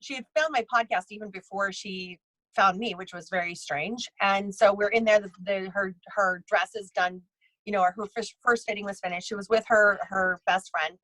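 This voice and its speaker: A woman with a middle-pitched voice tells stories in a casual interview, rambling and circling back with frequent restarts and fillers. She acts out what other people said as she goes. Her voice sits dry and close, with no room around it. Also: normal speed, pushed and bright, no room sound, poor audio. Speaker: psychic medium and bridal tailor, podcast guest.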